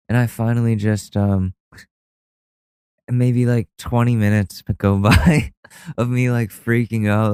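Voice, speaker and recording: Solo podcast host, male, low-ish clean voice, dry close sound, rambles and laughs at himself. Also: fairly even intonation, unhurried, a little mellow, clean tone, dry recording. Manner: rambling, self-deprecating, many restarts and fillers. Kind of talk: casual storytelling monologue. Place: at home.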